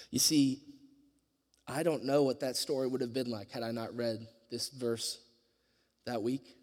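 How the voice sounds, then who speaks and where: An earnest man delivers a sermon, building his story with loud surges and dropping into near-whispers. His voice sits at an ordinary middle pitch. The sound carries a long reverb, as in a large church hall. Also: fairly even intonation, a little slow, long pauses. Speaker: preacher.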